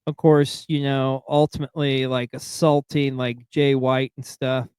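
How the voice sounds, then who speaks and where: A man's voice: medium pitch, little pitch movement, unhurried, a little mellow, clean tone, no room sound, studio quality. A man hosting a casual wrestling recap show, speaking with frequent fillers. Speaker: podcast host.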